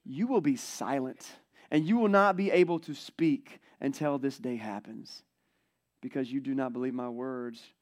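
Man as a commanding angel messenger, slow, firm, measured. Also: medium pitch, close to an everyday voice. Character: mighty male angel messenger, calm and firm.

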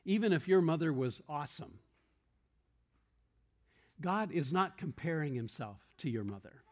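A man's voice: on the high side, lively intonation, unhurried, a little mellow. A man preaching a sermon in a church room, earnest and explanatory, posing questions and quoting verses to the congregation.

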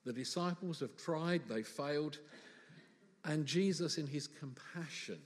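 A man's voice: fairly high pitch, lively intonation, a little slow, pauses often, big-room sound. A man preaching a sermon in church, conversational and humorous, full of rhetorical questions.

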